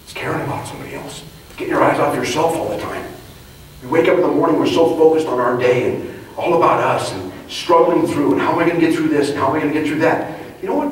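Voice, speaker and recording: A man giving an emphatic motivational speech at a sales training event, preachy and building to excited outbursts. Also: on the high side, slight background noise. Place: large event hall. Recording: echoey hall recorded from far off.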